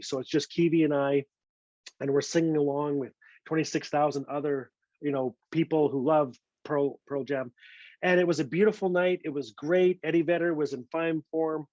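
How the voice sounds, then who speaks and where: At a literary event, a male author tells a personal story earnestly, often repeating words as he restarts. His voice is on the high side and darkish, with a steady tone at normal speed, in a dull, slightly lo-fi dry recording.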